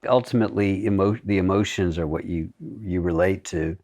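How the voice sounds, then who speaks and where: A man who is an actor, talking as a guest in a podcast interview, animated and laughing often. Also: low-pitched, fairly quick, dry recording. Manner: animated, talks with his hands in his voice, laughing often.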